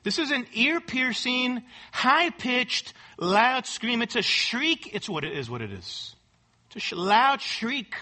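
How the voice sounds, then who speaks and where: A man's voice: very high-pitched, very animated, slow, bright, forceful tone. A man preaching an expository sermon at a church service. He talks emphatically, repeats key words and often asks "right?". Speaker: pastor.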